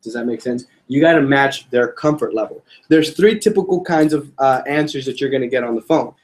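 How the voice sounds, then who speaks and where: A man's voice: mid-range voice, fairly quick. A young man giving a casual sales training talk to a group, joking and quizzing his listeners. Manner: casual, joking, addresses audience with questions.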